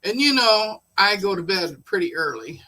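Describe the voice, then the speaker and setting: A woman's voice: mid-range voice, lively intonation, moderate pace, pushed and bright, low-quality recording. A woman hosting a casual live stream, chatting and telling a personal story, laughing often. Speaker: livestream host.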